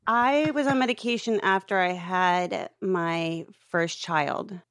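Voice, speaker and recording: A woman's voice: lowish voice, slow, fairly bright tone, dry recording, studio quality. A woman guesting on a podcast, talking in a casual, open and earnest way. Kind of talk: casual chat.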